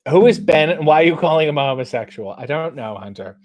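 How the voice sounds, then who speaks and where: A man's voice: on the high side, animated, fast, a little mellow. A middle-aged man hosting a casual live stream, reading out viewer comments and bawdy limericks with a playful sing-song lift. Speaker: host.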